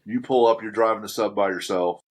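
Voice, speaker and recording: A man's voice: fairly low pitch, fairly quick, a little mellow. A man hosting a podcast, chatting casually and joking with his guest. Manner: joking, easygoing, chuckles. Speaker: podcast host. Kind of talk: casual interview chat.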